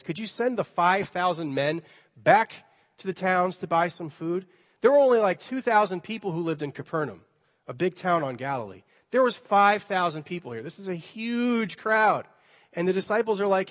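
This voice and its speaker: A man's voice: high-pitched, in a large hall. A male pastor preaching a sermon in a conversational way, now and then acting out the dialogue with a light touch. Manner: conversational, playfully acts out dialogue.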